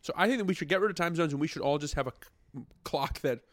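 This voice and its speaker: A man co-hosting a podcast in casual chat, rambling playfully and trailing off quietly when unsure. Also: a little high, racing, dry recording, clean studio sound. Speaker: podcast co-host.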